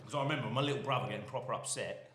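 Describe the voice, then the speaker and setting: A man's voice: medium pitch, very fast, a loud crowd. A man with an English accent telling rowdy stories in casual chat, laughing and swearing as he goes. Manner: swearing storyteller, laughing through anecdotes. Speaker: guest. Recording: echoey room.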